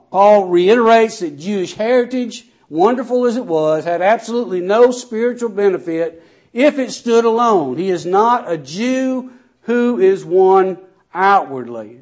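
A man preaching a sermon, reading scripture aloud and then explaining it in plain words, his voice rising and falling for emphasis. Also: a little mellow. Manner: raises and lowers his voice sharply for emphasis.

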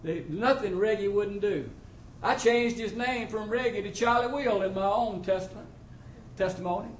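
A man with a high-pitched voice speaks at normal speed, recounting a testimony sermon to his congregation in plain country language. There's a roomy echo, faint ambience, and a touch of hiss or hum.

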